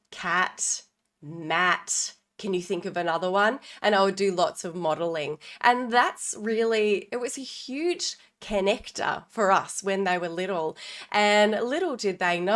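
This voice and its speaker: Woman teaching parents about reading skills. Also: medium pitch. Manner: warm, playful modeling of sound games with children. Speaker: literacy educator and podcast host. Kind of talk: informal teaching talk to parents.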